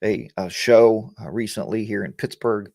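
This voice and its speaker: A man's voice: on the low side, moderate pace, a little mellow, no room sound, clean studio sound. Chatty rambling man hosting a bike show. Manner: rambling and joking, chatty asides. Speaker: host of a live motorcycle chat show. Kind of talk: casual live-stream chat, reading viewer comments.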